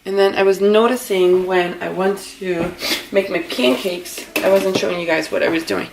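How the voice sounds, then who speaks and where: A woman's voice: medium pitch, steady tone, moderate pace, creaky, reverberant, background noise. A young woman from Massachusetts chatting casually in her home kitchen, rambling through a story with lots of fillers. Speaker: vlogger. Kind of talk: casual vlog chat.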